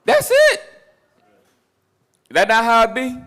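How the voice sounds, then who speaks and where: Guy preaching, bright sharp tone, keeps repeating himself, mocking asides. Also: very high voice, huge pitch swings, a little slow. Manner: emphatic, repetitive, mocking asides. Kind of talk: sermon with scripture and street talk.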